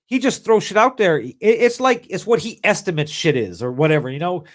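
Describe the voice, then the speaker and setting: A man co-hosting a casual political podcast, with a voice pitched a little higher than most men's. He speaks bluntly and swears freely. He is quick to jump in with his own points. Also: expressive. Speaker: podcast co-host.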